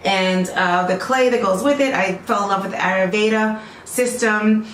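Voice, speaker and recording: A woman's voice: medium pitch, fairly even intonation, normal speed, fairly bright tone, a little hiss or hum. Chatty woman vlogging in an echoey room. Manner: chatty, rambling, talks straight to viewers with lots of "okay?". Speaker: natural hair vlogger selling her own products. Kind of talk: casual chatty vlog.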